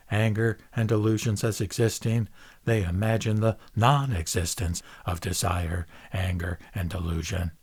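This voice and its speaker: A man reading a Buddhist scripture aloud in a measured, solemn recitation. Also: on the low side, darkish tone. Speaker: reader.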